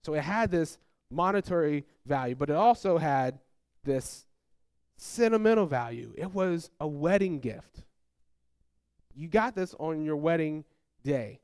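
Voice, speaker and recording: A man's voice: fairly high pitch, measured pace, clean tone, no echo, clean studio sound. A man preaching a sermon to his congregation, telling family stories and acting out the people in them. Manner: animated, acts out family quotes in raised voices; addresses congregation, asks them to call out. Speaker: pastor. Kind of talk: sermon storytelling.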